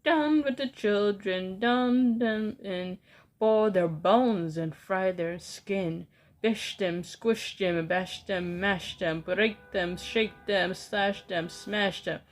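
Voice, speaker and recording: A woman reading aloud as an evil old witch leader who gloats and shouts in broken grammar. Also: mid-range voice, takes it slowly, soft background music, lightly acted. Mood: gloating chant.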